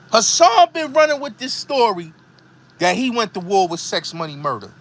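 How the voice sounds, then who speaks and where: Ranting heatedly and repeating himself for emphasis, a middle-aged New York–accented host from the Bronx gives a commentary monologue. His high voice swings widely in pitch at a moderate pace, with a fairly bright tone.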